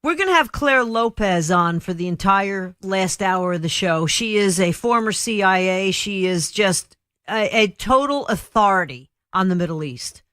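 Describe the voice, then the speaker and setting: A woman's voice: mid-range voice, animated, moderate pace, fairly bright tone, no room sound. A woman hosts a political talk radio show in a chatty, emphatic way. She rambles from one point to the next. The recording is dry and close. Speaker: radio host.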